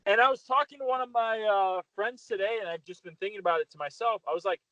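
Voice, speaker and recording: A man joins a podcast as a guest, gushing with thanks and often starting sentences over. His voice sits slightly high and comes through a dull, lo-fi remote line. The sound is dry, with no room around it. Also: fast talker, fairly bright tone, no echo. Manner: effusive, with frequent restarts. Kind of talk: casual podcast chat.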